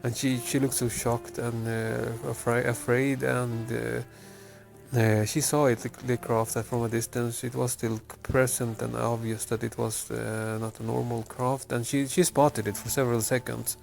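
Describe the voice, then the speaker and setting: A man from Chile telling a personal story with many pauses, fillers and restarts. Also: medium pitch, level tone, creaky, faint music behind. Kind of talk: personal story told to camera.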